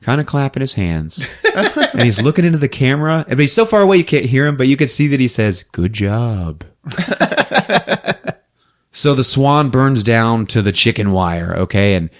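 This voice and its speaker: A man's voice: mid-range voice, very animated, normal speed. A man hosting a podcast, recapping a film in casual chat, laughing often and acting out the characters. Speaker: podcast host.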